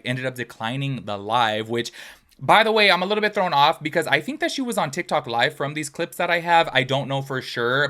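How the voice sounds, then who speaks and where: A young man hosting a casual gossip commentary channel, talking in an animated way with lots of filler words. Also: medium pitch.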